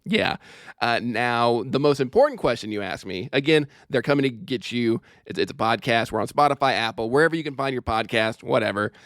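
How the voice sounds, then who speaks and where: Smooth-voiced joking comedian, man, 30s. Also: medium pitch, expressive, a bit bright, no echo, clean studio sound. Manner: jokey, sweary, quick asides. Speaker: podcast guest, stand-up comedian. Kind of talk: casual podcast chat. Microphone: remote call microphone.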